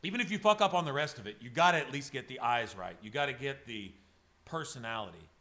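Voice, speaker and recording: A man's voice: mid-range voice, animated, quick pace, sharp tone. A man livestreaming from his home studio, talking casually and emotionally to his viewers, rambling and swearing as he goes. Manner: rambling, profane, emotional, talks to chat by name. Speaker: livestreaming airbrush artist.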